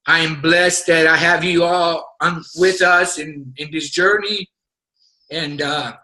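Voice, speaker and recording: A man giving a halting, emotional pep talk to his team over a video call. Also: on the high side, sharp tone, poor audio.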